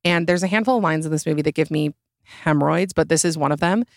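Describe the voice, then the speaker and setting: A young woman hosting a solo podcast, talking in a sarcastic, exasperated way and jumping up in pitch for emphasis. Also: quick pace, no echo, clean studio sound. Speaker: podcast host.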